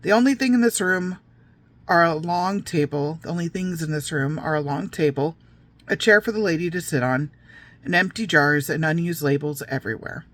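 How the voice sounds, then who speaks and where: A woman's voice: low voice, normal speed, natural voice. A woman voicing a cruel mother who relishes telling her daughters a gross, made-up tale in a sing-song manner. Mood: gleefully cruel.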